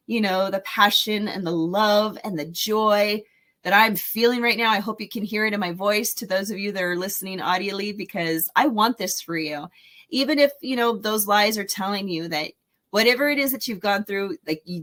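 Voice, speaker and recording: A woman's voice: mid-range voice, sharp tone. A woman in her forties hosting a solo podcast, talking in an enthusiastic, encouraging, rambling way with fillers. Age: 40s. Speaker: podcast host and speaker. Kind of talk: casual solo podcast talk.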